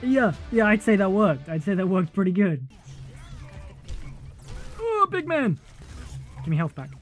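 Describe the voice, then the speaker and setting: A man's voice: high-pitched, lively intonation, a little fast, soft background music. A man giving live, jokey commentary while he plays a video game, exclaiming and laughing often. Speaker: game streamer.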